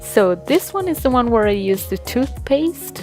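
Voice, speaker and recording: A woman's voice: on the high side, sing-song, a little slow, darkish tone, soft background music. Giggly Italian woman explaining slime. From Italy. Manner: chatty, giggly, explains step by step. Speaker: slime-making vlogger. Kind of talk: casual tutorial narration.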